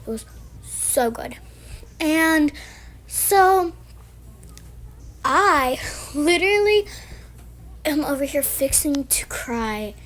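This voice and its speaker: A woman's voice: sits high, expressive, extremely slow, long pauses, fairly bright tone, poor audio. A woman telling a rambling storytime vlog in a chatty way, full of restarts. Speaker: vlogger.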